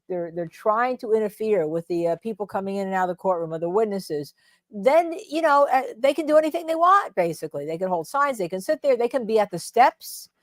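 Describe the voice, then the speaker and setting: A woman's voice: medium pitch, dry recording. A woman with a New Jersey accent hosting live legal commentary, talking indignantly with stumbling restarts. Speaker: host.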